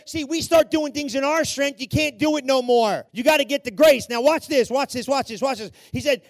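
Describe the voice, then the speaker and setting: A man preaching an impassioned sermon, swinging between shouted peaks and hushed passages and acting out the voices in the story. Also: extremely high pitch, moderate pace, vocal fry, hardly any pauses, dry recording. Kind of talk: fiery sermon.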